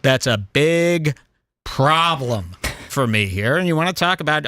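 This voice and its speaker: A man hosting a crude comedic commentary show, mocking and animated, reading chat aloud. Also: mid-range voice, a little slow, no echo. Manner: mocking, animated, puts on silly voices. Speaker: show host.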